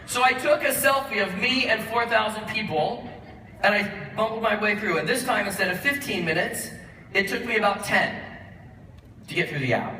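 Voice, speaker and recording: A bright, forceful man gives an animated award acceptance speech, acting out both sides of a conversation as he tells his story. His voice carries through a roomy hall, picked up from a distant mic over a faint hiss. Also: sits high, moderate pace. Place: large event hall with audience.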